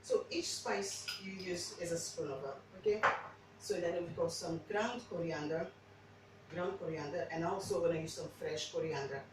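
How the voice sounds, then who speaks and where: A home cook in her own kitchen chats and rambles through a cooking demo, often restarting her sentences; English is her second language. Her voice is on the low side and moderately paced, recorded very echoey on a distant mic over a noisy background.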